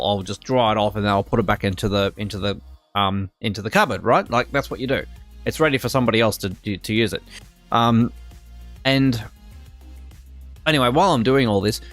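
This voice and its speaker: Australian man, casual streamer rant, rambling with fillers, faint music behind. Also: mid-range voice. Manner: rambling, many fillers and restarts, indignant.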